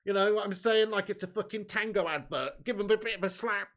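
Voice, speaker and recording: This man has a high, fairly bright voice and talks briskly while hosting a live match watch-along for his fan channel. He reads viewer chat aloud, full of blunt, sweary football banter, keeping it chatty and throwing in plenty of "mate" and "bud."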